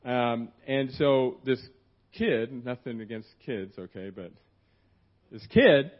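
A man's voice: medium pitch, lively intonation, takes it slowly. A middle-aged man preaching in church, telling a personal story in a rambling, conversational way with many restarts and acted-out quotes. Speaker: guest preacher. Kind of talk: sermon told as a personal story. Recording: dull, muffled church sermon recording.

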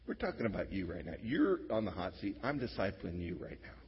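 A man voicing a calm, firm male teacher who speaks low and matter-of-fact while gently pressing a follower. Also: a little fast, slight background noise. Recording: reverberant hall, dull lo-fi sound.

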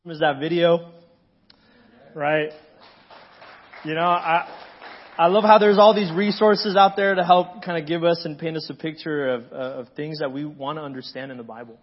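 A pastor preaching a sermon in a conversational way, often checking in with the congregation. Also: male voice, on the high side, fairly even intonation, normal speed, lo-fi sound. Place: church sanctuary.

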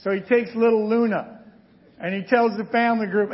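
A man preaching a sermon, telling stories with lively asides and frequent "right?" checks to the congregation. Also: high voice, fairly quick, muffled recording, some chatter behind.

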